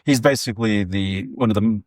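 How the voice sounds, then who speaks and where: A man's voice: fairly low pitch, fairly quick, darkish tone, no echo, studio quality. A man in his forties, a guest comedian, telling casual stories in a podcast interview, rambling with lots of fillers and restarts.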